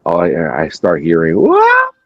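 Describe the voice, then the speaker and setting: A man's voice: sits low, normal speed, no room sound, lo-fi sound. A man hosting a podcast, chatting casually and telling a story with lots of swearing. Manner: animated storytelling, acting out quotes, frequent swearing. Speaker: podcast host. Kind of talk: casual chat.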